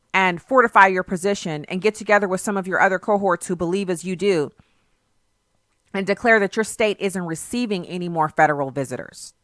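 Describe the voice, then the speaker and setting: A female talk-radio host with a bright, forceful voice, talking straight into a studio mic. She argues her points in an emphatic, sarcastic, conversational way. The sound is dry and close. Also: medium pitch, no echo. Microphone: studio microphone.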